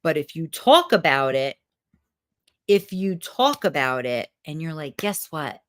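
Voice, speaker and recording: A woman's voice: sits low, very animated, measured pace, a little hiss or hum. A woman talking frankly to viewers in a live video, telling a personal story and swearing freely as a coach.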